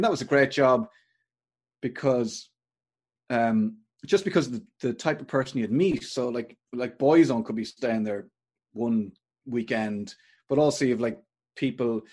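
A middle-aged Irish man with a husky, slightly rough voice spins long anecdotes in a relaxed interview. He keeps restarting his sentences and circling back, and his speech sits at an ordinary middle pitch. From Ireland. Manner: rambling, anecdotal, with many restarts. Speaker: podcaster and performer. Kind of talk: casual storytelling interview.

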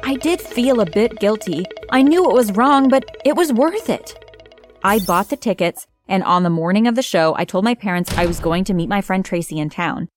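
A woman telling a first-person story in scripted narration, expressive and dramatic, with soft music behind her. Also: mid-range voice, moderate pace. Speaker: narrator voicing a teenage girl.

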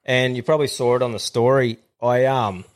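Brief: young Australian man, podcast co-host, crude and swearing, animated storyteller. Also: mid-range voice, brisk. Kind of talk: casual chat.

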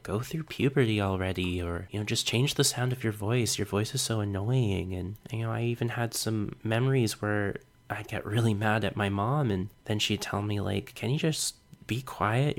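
Earnest young man telling a personal story. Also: fairly low pitch. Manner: reflective, earnest, with small self-conscious laughs. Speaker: podcast host.

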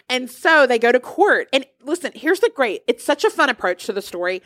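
A woman co-hosting a podcast, chatty and animated as she recommends shows and books. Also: on the high side, normal speed, no echo, studio quality. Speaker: podcast co-host. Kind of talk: casual pop-culture chat.

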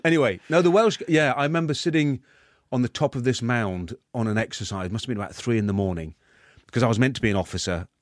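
Guest in his 50s, low-pitched, halting delivery, dry close sound. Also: no room sound. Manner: halting, many restarts. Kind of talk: interview.

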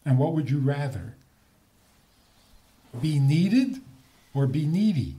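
A man's voice: a little high, big pitch swings, slow pace, dark tone. A man giving a lecture with humor, asking rhetorical questions and chuckling at his own points.

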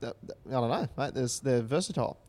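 A man's voice: medium pitch, lively intonation, quick pace, darkish tone. Playful dry man. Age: 30s. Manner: dry, playful, reads in mock tones. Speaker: podcast co-host. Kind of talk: casual chat, reading aloud.

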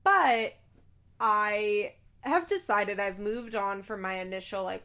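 A woman's voice: mid-range voice, takes it slowly, bright, forceful tone. Blunt exasperated young woman ranting casually. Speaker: reality TV recapper. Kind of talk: casual opinionated commentary.

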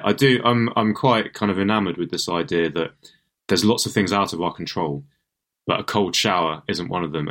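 A man's voice: sits low, a bit bright. A man hosting a podcast interview as a journalist, talking in a hesitant way with many fillers. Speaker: podcast host, magazine journalist.

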